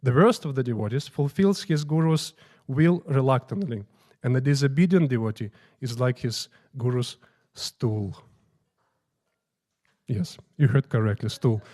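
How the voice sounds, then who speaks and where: A temple priest telling informal, halting stories about his teacher during morning prayers in a temple. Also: mid-range voice, lively intonation, a little mellow. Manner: informal, halting, restarting phrases. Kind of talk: storytelling talk at morning prayers.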